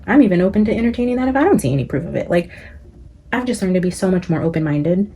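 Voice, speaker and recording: A woman's voice: on the low side, lively intonation, fast, dark tone, slight background noise. A woman hosting her psychic channel, venting to her viewers in casual, profane commentary, full of "like" and "guys". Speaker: psychic vlogger, channel host.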